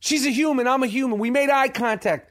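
High-voiced swearing New man. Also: a little fast. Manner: animated, heavy swearing, acts out quotes. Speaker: podcast host. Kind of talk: profane storytelling monologue.

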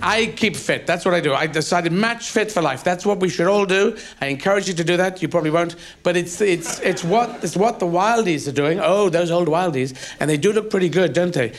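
A man's voice: high-pitched, fairly quick, few pauses. A man doing a rambling, self-mocking stand-up set on a comedy club stage. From England. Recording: live stage with audience.

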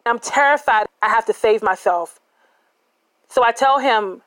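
A woman's voice: a little high, a little slow, long pauses, fairly bright tone, dry recording, poor audio. A woman telling a personal true story in a candid, conversational and dramatic manner.

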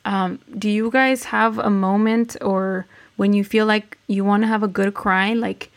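A woman's voice: medium pitch, steady tone, measured pace. A woman, co-hosting a podcast in casual chat, moving between English and Spanish with many fillers. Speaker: podcast co-host.

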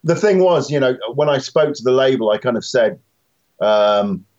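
A man's voice: medium pitch, lively intonation, normal speed, a little mellow, lo-fi sound. A man, a musician guest, talking casually and self-deprecatingly in an interview, with many fillers and restarts.

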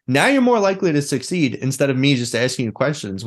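A man's voice: medium pitch, sing-song, fast, few pauses. A man talking bluntly and animatedly as a guest in a casual interview, swearing freely. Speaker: guest, therapist and mindset coach.

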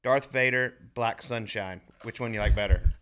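An easygoing man co-hosts a studio podcast, asking light questions and laughing readily along with the guest. His voice is of middle pitch and plainly conversational. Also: moderate pace, a bit bright. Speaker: podcast co-host, former golf pro. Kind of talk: casual chat.

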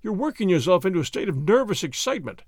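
A man reading aloud, voicing a calm, imperturbable gentleman who brushes off his friend with testy scorn. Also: high voice, quick pace, no room sound, clean studio sound, exaggerated voice. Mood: dismissive. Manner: dismissive, testy.

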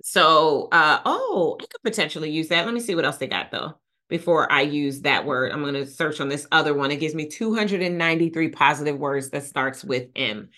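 A woman hosting a podcast, thinking aloud and talking excitedly to listeners as a business coach. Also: low-pitched, brisk. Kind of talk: live-thinking podcast monologue.

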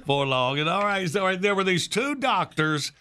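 A man's voice: sits high, lively intonation, moderate pace, sharp tone, smooth. A man hosting a morning radio show, rambling and opinionated, peppering his talk with "all right.".

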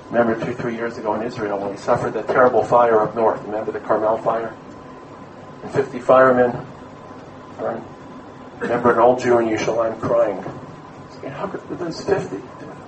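A man from Brooklyn, giving a lively sermon-style talk to a community gathering, telling stories and mixing in Hebrew terms. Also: on the low side, background noise. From Brooklyn, USA. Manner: animated storyteller, mixes in Hebrew terms. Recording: echoey room, mic at a distance.

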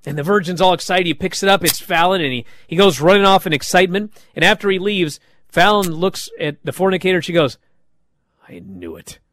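A man hosting a show, recapping wrestling in a casual, animated way and acting out the quoted lines. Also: high-pitched, quick pace, dry recording, studio quality.

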